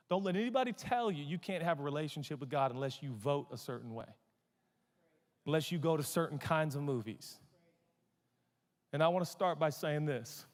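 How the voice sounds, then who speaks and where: High-voiced emphatic male pastor preaching. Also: in a large hall. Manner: emphatic, swinging from loud proclamations to low asides; humorous, conversational asides to congregation. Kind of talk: sermon.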